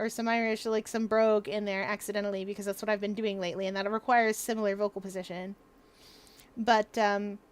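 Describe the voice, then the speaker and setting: A woman's voice: medium pitch, a bit bright, clean tone. A young woman streaming from home, chatting casually and explaining things at length, laughing often. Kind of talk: casual livestream chat.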